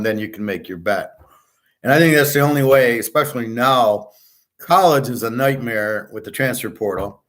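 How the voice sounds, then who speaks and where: Male betting-show host, mid pitch, casual profane rambler giving picks. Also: fairly bright tone.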